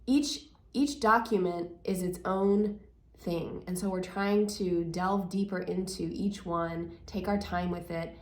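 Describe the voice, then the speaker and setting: A woman, a pastor, talking in a lively, emphatic way during a casual church video chat. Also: fairly low pitch, slow, roomy sound. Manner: animated, emphatic storytelling.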